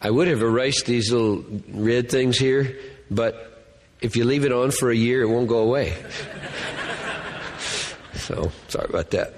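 A man's voice: medium pitch, unhurried, long pauses, darkish tone, long reverb tail, a little hiss or hum. A man giving a Bible lecture to a class, thinking aloud and earnestly repeating key words. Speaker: Bible teacher.

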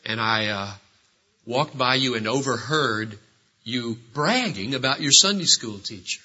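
A man preaching a sermon, emphatic and full of rhetorical questions, with sudden swings between loud and quiet. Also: medium pitch, husky. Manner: rhetorical questions, drawn-out phrases. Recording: dull lo-fi sermon recording.

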